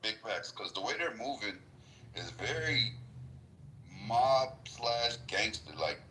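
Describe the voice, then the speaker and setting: Bright-voiced man ranting indignantly. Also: lowish voice, slow, a little hiss or hum, rough recording. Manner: animated, indignant ranting with mimicked shouts. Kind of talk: casual group chat on a podcast.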